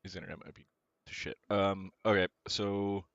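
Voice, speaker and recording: Man, game master, deep voice, hesitant with fillers, dry dull voice-chat sound. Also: flat delivery, brisk, a bit bright, no room sound. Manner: hesitant, many "uh"s and restarts. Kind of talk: narrating a tabletop game over voice chat. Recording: dull, slightly lo-fi voice chat audio.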